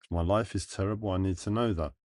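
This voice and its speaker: Addressing his livestream audience, a man with a deep, low voice and a darkish tone speaks slowly and earnestly. His intonation is fairly even, and he muses aloud in halting bits, pausing and restarting often. The audio is close and dry, with no echo.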